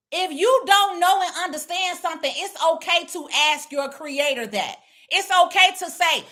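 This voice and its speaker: A woman's voice: very high voice, normal speed, bright, forceful tone. A woman speaking blunt, preachy casual talk, lecturing her viewers. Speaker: online commentator. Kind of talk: casual direct-to-camera talk.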